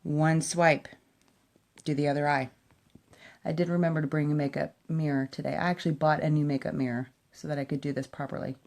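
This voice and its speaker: A woman's voice: deep voice, level tone, brisk, gravelly, darkish tone. A woman giving a chatty, enthusiastic makeup tutorial at home, talking straight to her viewers. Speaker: makeup vlogger. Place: at home by a window.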